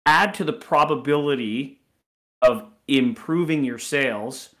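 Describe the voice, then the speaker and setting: A man with a mid-range voice co-hosts a sales training podcast. He explains his points in a measured, teacherly manner during a casual chat. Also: mid-range voice, a bit bright. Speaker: podcast co-host, sales coach.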